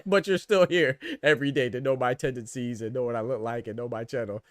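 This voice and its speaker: A man hosting a boxing podcast live stream, casual and slangy, trash-talking his chat and laughing loudly. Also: medium pitch, fairly even intonation, fast, no echo.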